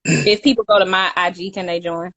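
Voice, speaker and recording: A woman's voice: fairly low pitch, steady tone, a little fast, a bit bright, no room sound. A young woman co-hosting a casual live chat, talkative and laughing, reading out viewer comments. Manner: chatty, laughs often, reads out viewer comments. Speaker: co-host.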